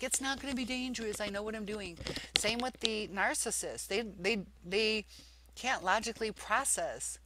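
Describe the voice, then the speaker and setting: A woman's voice: fairly low pitch, a bit bright. A woman vlogger talking casually about relationships, rambling with many fillers and restarts. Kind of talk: casual advice talk.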